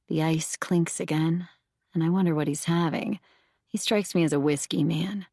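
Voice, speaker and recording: A woman narrating a first-person thriller audiobook in a measured, intimate way, close to the mic. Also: low voice, steady tone, darkish tone, no echo.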